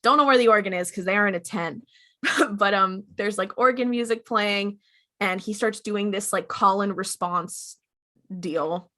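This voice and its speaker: A woman with a bright, forceful voice recaps a TV episode for a podcast. She talks casually and slips into the characters' lines as she retells the scenes. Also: medium pitch, a little slow. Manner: animated, acts out characters' lines while retelling. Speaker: podcast co-host.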